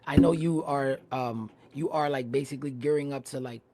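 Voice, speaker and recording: A man hosting a livestreamed interview, asking long, halting questions full of restarts. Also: medium pitch, dark tone. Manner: halting, many fillers and restarts, easygoing. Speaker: host. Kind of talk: casual interview. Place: home, livestream.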